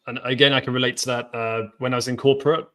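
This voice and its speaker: A man hosting a podcast interview, speaking in a measured way as he agrees and asks questions. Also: mid-range voice, flat delivery, fairly bright tone. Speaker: podcast host.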